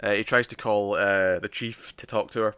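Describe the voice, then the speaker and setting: A man's voice: fairly low pitch, steady tone, moderate pace, sharp tone, smooth, no room sound. A man with a British accent co-hosting a casual comic book review podcast, enthusiastic and quoting characters' lines as he talks. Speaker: podcast co-host.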